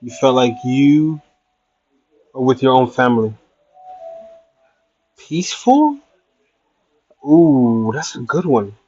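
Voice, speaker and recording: A man's voice: mid-range voice, unhurried, darkish tone. Chatty man livestreaming, dull lo-fi sound. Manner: chatty, answers viewer questions, playful asides. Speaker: travel livestreamer. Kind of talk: casual livestream chat reading comments. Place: traveling in Iraq.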